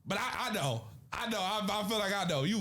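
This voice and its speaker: Man, high-pitched voice, podcast co-host, casual wrestling chat, playful, teasing, slangy, repeats himself. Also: lively intonation, a little fast, noisy background.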